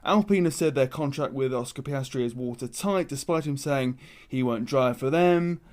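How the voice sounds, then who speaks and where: A man co-hosting a chatty sports podcast, opinionated and animated, reading out news. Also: medium pitch, normal speed. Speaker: podcast co-host. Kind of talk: casual chat, reading news.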